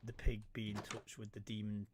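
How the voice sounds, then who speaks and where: A man's voice: lowish voice, monotone, fairly quick, heavy background noise. A man giving casual gameplay commentary as a streamer, scolding game animals in a mock-stern way.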